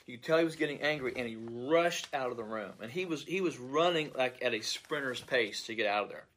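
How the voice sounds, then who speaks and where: A man's voice: fairly high pitch, a bit bright. A man, a pastor, earnestly recounting a dream in an unscripted monologue, often repeating words as he searches for them.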